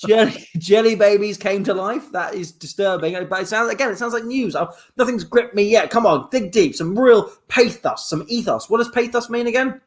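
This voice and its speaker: A man's voice: sits high, normal speed, hardly any pauses. A man hosting an improvised comedy livestream, reading out suggestions in a playful, rambling way. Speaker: improv show host.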